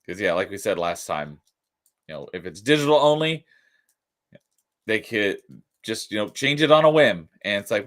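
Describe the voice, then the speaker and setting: A man's voice: lowish voice, animated, normal speed, pauses often, fairly bright tone. A man hosting a casual podcast chat, easygoing and hedging with fillers. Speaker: podcast host.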